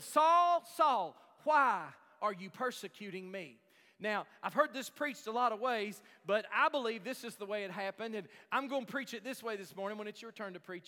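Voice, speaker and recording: High, bright-voiced preaching man. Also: big-room sound. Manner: impassioned preaching, repeats lines for emphasis. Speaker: pastor. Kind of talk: sermon. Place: church sanctuary.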